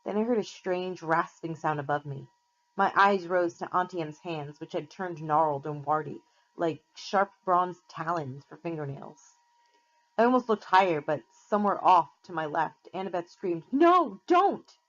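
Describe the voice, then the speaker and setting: A woman teacher reads a novel aloud to her class in a steady, plain storytelling manner. Her voice sits fairly low, and the recording sounds slightly muffled and lo-fi. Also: moderate pace.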